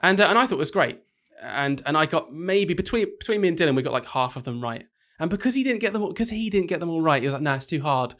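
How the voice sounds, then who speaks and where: A young man hosts a casual podcast, his voice bright and slightly high for a man. He teases his co-host playfully and breaks into laughter often as he talks. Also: lively intonation, fast, hardly any pauses.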